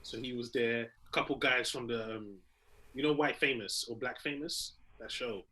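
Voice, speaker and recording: A young comedian co-hosting a podcast, telling animated stories and acting out little scenes as he talks. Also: mid-range voice, moderate pace, low-quality recording. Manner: animated storyteller, acts out little scenes, laughs readily. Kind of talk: casual chat.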